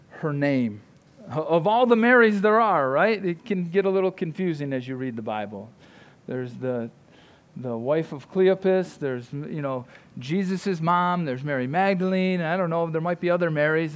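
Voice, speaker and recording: Conversational male pastor, slightly high voice. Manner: conversational preaching, frequent "right?" asides. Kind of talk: sermon.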